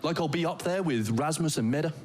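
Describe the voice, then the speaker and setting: A man's voice: on the high side, fairly quick, very noisy. A man doing a stand-up comedy set with a wry, playful, mock-posh delivery, recorded on stage.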